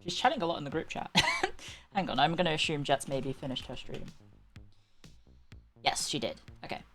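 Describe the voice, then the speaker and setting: A woman's voice: low-pitched, normal speed, faint music behind. A woman with a British accent, livestreaming and chatting casually in a sarcastic, bantering, rambling way. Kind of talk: casual chat.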